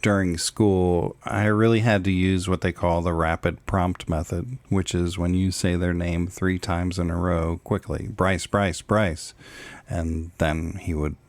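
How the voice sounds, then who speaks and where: A middle-aged man with a very low voice chats on a parenting podcast. He sounds earnest and reflective and laughs easily. The recording is dry and close, with no room sound. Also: level tone, a little slow, hardly any pauses, a little mellow, dry recording. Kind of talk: casual chat.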